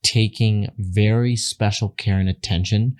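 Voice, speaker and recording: Podcast host guy, chatty and animated, acts out what people said. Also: fairly low pitch, a little slow. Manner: animated storyteller who jumps into quoted voices. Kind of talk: casual interview chat.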